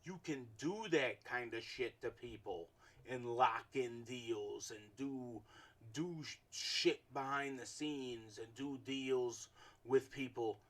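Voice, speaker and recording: A man's voice: medium pitch, takes it slowly, a bit bright. A man co-hosting a casual podcast chat, ranting in a blunt, heated, profane way. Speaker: podcast co-host.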